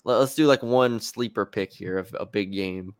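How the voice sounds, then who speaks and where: A man's voice: fairly low pitch, normal speed, clean tone, dry recording. A man co-hosting a sports podcast, talking casually and hedging with fillers and restarts.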